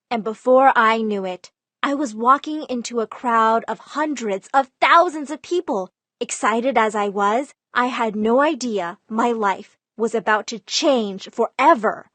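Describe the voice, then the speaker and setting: Lively dramatic storytime narrator, woman, high voice, dry close sound. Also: dry recording. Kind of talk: first-person storytime narration.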